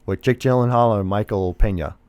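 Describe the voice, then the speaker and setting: A man's voice: on the low side, fairly quick, darkish tone, clean tone, no echo. A man co-hosting a casual movie podcast, rambling and retelling scenes. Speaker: podcast co-host. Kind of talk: casual movie review chat.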